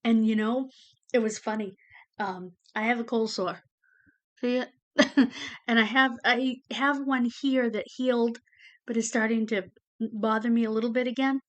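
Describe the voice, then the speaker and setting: Facing her camera, a female vlogger gives a casual personal update, rambling emotionally and at times close to tears, with lots of fillers like "you know" and "um." Her voice sits on the high side, with a steady tone and moderate pace.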